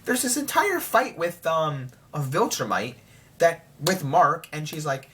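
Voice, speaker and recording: A young man rambling excitedly through a casual spoiler review of a TV show. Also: on the high side, measured pace, a little hiss or hum.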